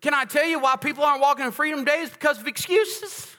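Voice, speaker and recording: Racing along with fairly even intonation, a pastor gives a sermon in a large church sanctuary. His high, bright, sharp voice rings through the reverberant hall as he stays emphatic yet conversational, often checking in with the congregation.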